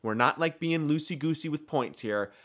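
Animated, jokey American man, fairly high. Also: moderate pace. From United States. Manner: animated, jokey, self-deprecating. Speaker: podcast co-host. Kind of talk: casual chat about TV.

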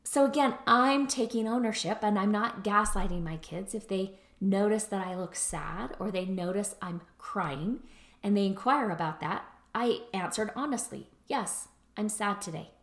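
A woman's voice: medium pitch, moderate pace, reverberant. A middle-aged woman therapist who explains in a casual lecture, often checking in with "right?" and "like". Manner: conversational, explains with frequent "right?" and "like".

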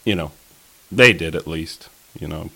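A man with a very low voice tells a fishing tale in a loose, rambling chat. He wanders through fillers and restarts as he goes. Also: measured pace, gravelly, sharp tone, breathy edge. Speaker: podcast co-host telling a fishing story. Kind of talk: casual storytelling chat.

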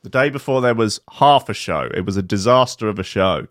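A man's voice: lowish voice, lively intonation, fairly quick, fairly bright tone, no echo, clean studio sound. A man hosting a radio show, rambling casually with crude jokes and stammering restarts. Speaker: radio host.

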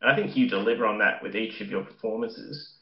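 A man's voice: fairly low pitch, fairly even intonation, fast talker, dull audio. Man hosting a podcast in a roomy space. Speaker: podcast host. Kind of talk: casual interview.

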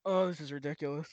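A man's voice: fairly high pitch, highs cut off. A man guest on a podcast, chatting casually while watching TV, laughing often and making wry jokes.

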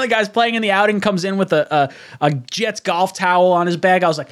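A man hosting a casual sports chat on a stream, excitable and tipsy, who swears freely and laughs a lot. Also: sits high, fast talker, hardly any pauses. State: tipsy from drinks. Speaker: stream host.

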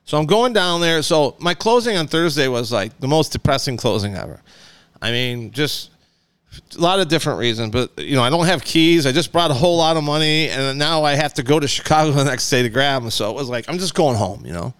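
Talk-show co-host, male, loose rambling storyteller with a lively, swinging delivery and a clear, resonant voice recorded dry and close. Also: on the high side, fairly quick, dry recording. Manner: rambling, animated, acts out voices in his stories. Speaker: podcast co-host. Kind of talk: casual storytelling chat.

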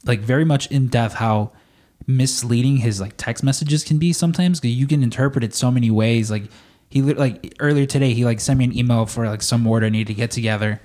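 A man's voice: mid-range voice, fairly quick, a little mellow. A man chatting casually on a podcast, telling a rambling workplace story full of "like" fillers. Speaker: store employee.

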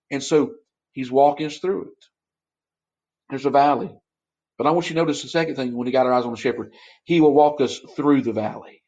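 A man preaching a sermon from home at his computer, impassioned, swinging from soft lines to rising calls. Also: on the high side. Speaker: pastor. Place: home room in front of a computer. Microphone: computer mic.

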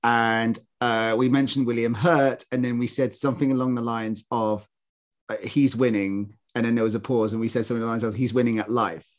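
British man co-hosting a chat podcast, halting and chatty, mid-pitched. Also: flat delivery. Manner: chatty, halting, laughs at his own jokes. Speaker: podcast co-host. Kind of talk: casual chat.

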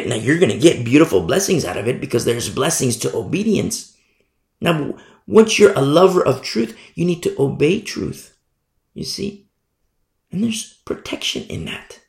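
A man's voice: on the high side, big pitch swings, measured pace, gravelly. A man preaching a sermon as a pastor, emphatic and repetitive, often asking his listeners "you see?". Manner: emphatic preaching, repeats key words, asks "you see?". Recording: roomy echo.

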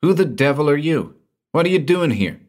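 A man's voice: mid-range voice, lively intonation, unhurried, fairly bright tone, voice pushed up. A man reading a story aloud, voicing a brash young man who snaps out urgent, alarmed questions. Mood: indignant.

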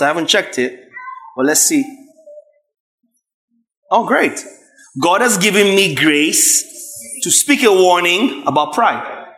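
A man preaching a sermon, emphatic and repetitive, rising to shouts at his peaks. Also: fairly high pitch. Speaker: pastor.

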